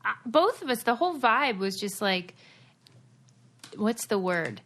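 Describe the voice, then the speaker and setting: A woman's voice: a little high, big pitch swings, measured pace, a bit bright. A woman co-hosting a podcast in casual chat, laughing easily and finishing her partner's sentences. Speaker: podcast co-host.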